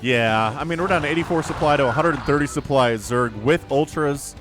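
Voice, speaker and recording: A man casting a strategy game match alone, with excitable, jokey play-by-play. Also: fairly high pitch, fairly quick, music in the background. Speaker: esports caster. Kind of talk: solo game commentary.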